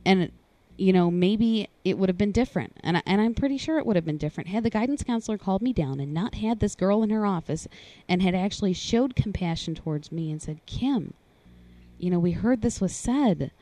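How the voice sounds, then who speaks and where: A woman telling a hard personal story in a conversation, earnest and halting. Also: lively intonation, dark tone, no echo. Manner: earnest, halting, rises in pitch when voicing others. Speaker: guest sharing personal story.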